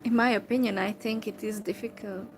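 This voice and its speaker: A Hungarian woman talking to camera in English with a Hungarian accent, replying to a viewer slowly and hesitantly, with many fillers. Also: medium pitch, fairly even intonation, slight background noise, low-quality recording. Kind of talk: casual talk to camera.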